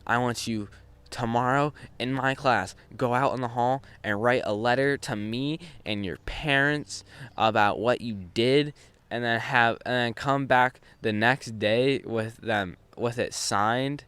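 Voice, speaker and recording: A man's voice: mid-range voice, a little slow, a bit bright, clear, resonant tone, no echo, natural voice. Teen boy mimicking a dramatic lecturing teacher. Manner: stern, theatrical lecturing. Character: dramatic, lecturing male schoolteacher.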